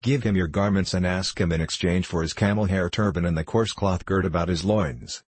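A man's voice: sits low, brisk, breathy edge, no echo. A man voicing a playful, capricious young queen of Sheba, coaxing and teasing with questions. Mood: wistful, pleading.

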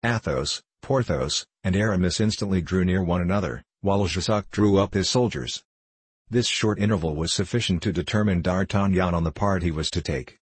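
Give me a man reading a classic novel, deep and husky. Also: normal speed, dry recording. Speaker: narrator. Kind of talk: audiobook narration.

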